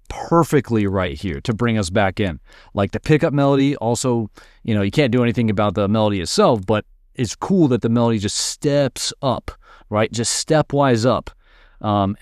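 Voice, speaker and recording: A man's voice: medium pitch, a little mellow, dry recording, clean studio sound. A man teaching music production in a casual screen-share tutorial, explaining as he works and checking in with "right?" and "all right".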